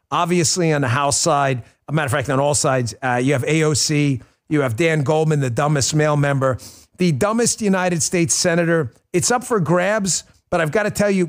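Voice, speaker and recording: Ranting man hosting a political show. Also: on the high side. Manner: blunt, insulting rants with rapid emphatic lists. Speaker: political talk show host. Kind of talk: heated political commentary.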